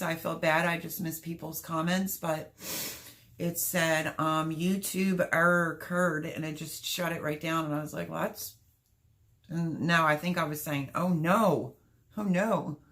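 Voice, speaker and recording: A woman hosting her homestead livestream, chatting casually with viewers, apologetic, emotional and flustered, her voice rough and a little choked up. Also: fairly low pitch, fairly bright tone. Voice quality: rough, gravelly voice. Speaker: homestead channel host.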